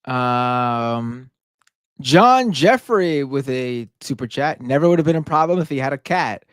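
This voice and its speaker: A man's voice: mid-range voice, animated, measured pace, clear, resonant tone, dry recording, studio quality. A man hosting a live stream, reading super chats aloud and ranting in a casual, profane, indignant way. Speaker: livestream show host.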